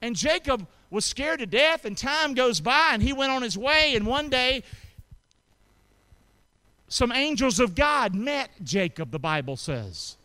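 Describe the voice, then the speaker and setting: A man preaching a lively sermon in a high, bright, smooth voice. He calls on the congregation to answer back and moves from loud emphatic lines to quiet asides. The sound is close and dry. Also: measured pace. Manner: preaching with call-and-response to the congregation. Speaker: pastor.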